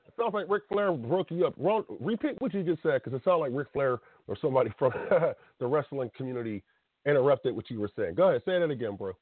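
On a call-in wrestling podcast, a thirtysomething male host talks fast in an expressive, medium-pitched voice. His blunt, emotional rant is full of laughter and restarts, captured as dry phone-line audio with no echo.

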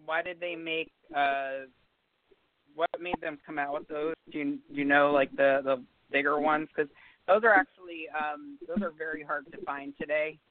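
Man host, fairly high voice, halting and fumbling through his questions, tinny phone-line sound. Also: steady tone. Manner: hesitant, many fillers and restarts when asking questions. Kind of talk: casual podcast interview.

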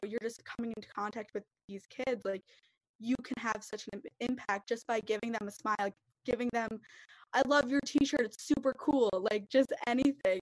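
A woman's voice: medium pitch, no echo, poor audio. A young woman in a podcast group discussion, talking earnestly and rambling with lots of fillers. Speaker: podcast participant.

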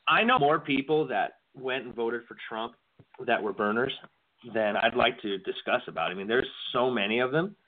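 Podcast co-host, male, mid-pitched, rambling casual talker, narrow tinny audio. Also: normal speed. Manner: rambling, repeats words when starting sentences. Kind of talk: casual political chat.

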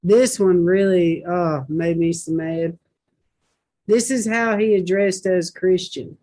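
A woman's voice: fairly low pitch, steady tone, slow, dark tone. A woman hosting a Christian talk show, reading posts aloud and commenting with indignant rhetorical questions.

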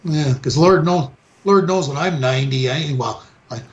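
In a casual podcast conversation, this co-host rants through a profanity-laced story, voicing each person he quotes. He speaks at a moderate pace in a fairly high voice, captured with dull, echoey lo-fi room acoustics.

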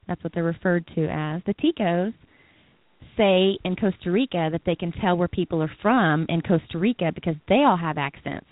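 A woman's voice: fairly low pitch, no echo. A woman co-hosting an interview podcast in casual chat, rambling off on tangents. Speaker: podcast co-host. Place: Costa Rica. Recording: dry tinny phone-like line.

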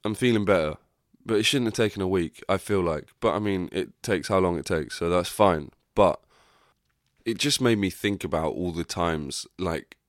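A man's voice: deep voice, moderate pace, no room sound, studio quality. A young man hosting a podcast, talking candidly and rambling in a casual reflective monologue, swearing freely. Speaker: podcast host.

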